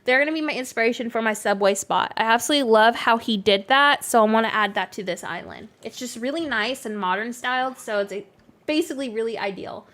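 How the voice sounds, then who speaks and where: A woman's voice: a little high, quick pace, a bit bright. A young-sounding woman from Canada with an accent mixing Canadian and Southern American, chatting casually on a live stream and answering her chat, with lots of "like" fillers. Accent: Canadian mixed with American Southern. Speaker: game streamer.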